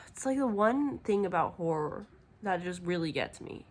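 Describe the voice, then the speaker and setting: A woman's voice: lowish voice, measured pace. A young woman vlogging at home about a book she is reading, rambling and chatty with lots of fillers and openly emotional reactions. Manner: emotionally expressive. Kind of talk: casual reading vlog chat.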